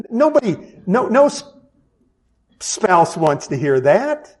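A man's voice: high voice, big pitch swings, slow. A middle-aged man preaching a sermon as pastor, conversational, with self-deprecating asides and frequent restarts.

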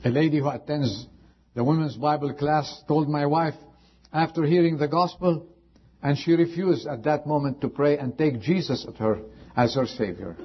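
A man preaching a sermon as pastor, impassioned, rising high and then dropping to a hush. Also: moderate pace, slightly rough, muffled recording. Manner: impassioned preaching with sudden drops to quiet.

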